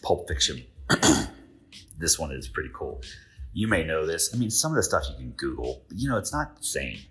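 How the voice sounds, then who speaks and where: A man with an extremely low, husky voice hosts a podcast. He retells stories in a relaxed, conversational way, acts out quoted dialogue and asks the listener questions. Faint music plays underneath. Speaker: podcast host. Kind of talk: casual storytelling monologue.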